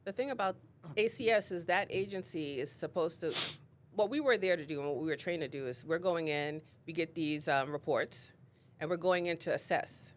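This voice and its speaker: A woman who is a guest on an interview show, telling personal stories in an animated way and acting out what people said. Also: fairly low pitch, normal speed. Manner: animated storyteller, acts out quotes. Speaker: guest, real estate leader. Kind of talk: casual interview storytelling.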